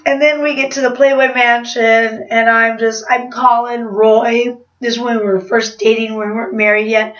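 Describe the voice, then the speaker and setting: A woman's voice: a little high, flat delivery, normal speed, hardly any pauses, a bit bright. A woman vlogger telling a rambling confessional story in a chatty way, laughing at herself. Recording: roomy, distant, slightly dull sound.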